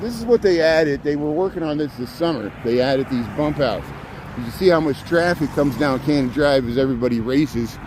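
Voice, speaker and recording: This walking livestream host has a fairly high-pitched voice at a normal speed. Moving through a city park at dawn with a handheld phone, he chats casually to viewers, rambling and restarting, a bit breathless, while traffic hums faintly behind.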